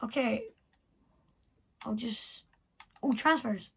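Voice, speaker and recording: A woman's voice: on the high side, takes it slowly, creaky, a bit bright, slightly rough. A woman vlogger thinking aloud as she plays a video game, muttering to herself in casual commentary. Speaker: gameplay vlogger.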